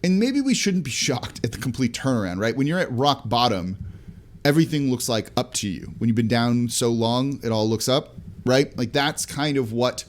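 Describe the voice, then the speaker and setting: A man hosting a solo sports podcast, talking through basketball news in an energetic, conversational way with quick asides. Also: mid-range voice. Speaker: podcast host.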